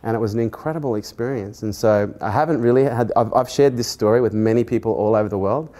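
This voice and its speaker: A man's voice: on the low side, fast. Earnest man telling a story. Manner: earnest, animated when retelling dialogue, laughs at himself. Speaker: podcast host. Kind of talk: personal storytelling in a conversation.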